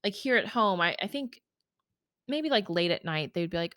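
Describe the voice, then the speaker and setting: This podcast host has a lowish, somewhat bright voice and speaks animatedly at a moderate pace, with clean studio sound and no room echo. Her monologue is casual and personal, emotional and chatty, full of "like" and "y'all."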